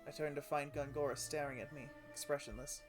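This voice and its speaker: A man streaming a game, reading a sad first-person story aloud with feeling and sudden loud cries. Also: on the high side, fairly even intonation, a little fast. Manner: emotive, with sudden loud outcries on names. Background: music.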